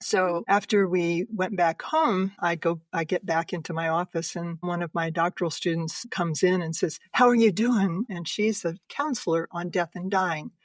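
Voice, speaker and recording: An older woman, a podcast guest, earnestly and emotionally telling a personal story, laughing softly between sentences. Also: fairly low pitch, fairly even intonation, normal speed, few pauses, no room sound.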